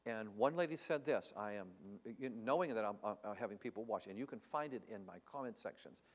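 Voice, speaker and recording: On a live stream, a man with a lowish voice preaches briskly, earnestly and emphatically, teaching Bible answers and posing rhetorical questions. A long reverb tail trails his words.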